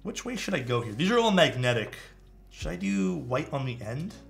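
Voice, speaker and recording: Casting: animated male streamer, slightly high voice, casual think-aloud chat, faint music underneath. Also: moderate pace, vocal fry. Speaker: streamer building a keyboard.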